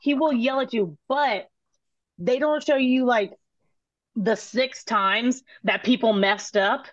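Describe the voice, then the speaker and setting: A woman, a guest telling casual stories in an interview, animated and laughing, swearing and acting out quotes. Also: fairly high pitch, slow, no echo, muffled recording. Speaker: guest, former cooking show contestant.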